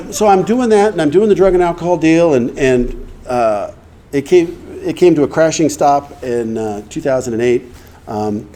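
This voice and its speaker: A man's voice: a little high, animated, normal speed, mellow. A middle-aged man telling his recovery story to an audience, acting out the dialogue and laughing along the way. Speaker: recovery speaker. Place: meeting hall before an audience.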